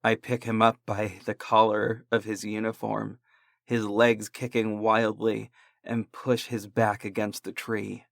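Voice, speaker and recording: A man narrating a horror story in a slow, deliberate, dramatic way. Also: lowish voice, flat delivery, gravelly, a bit bright, no room sound, clean studio sound.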